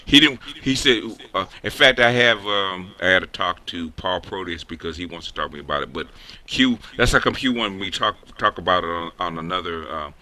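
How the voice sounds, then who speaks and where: A man hosting a casual online group discussion, talking in halting bursts with many restarts. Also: low-pitched, pushed and bright. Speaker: host of an online group call.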